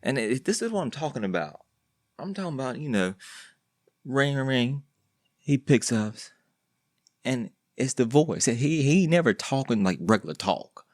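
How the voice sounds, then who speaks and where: A very animated man hosts his own podcast alone, his mid-range voice a little mellow at a moderate pace. The clean studio sound has no echo, and his casual monologue is rambling, slangy and joking, with many restarts.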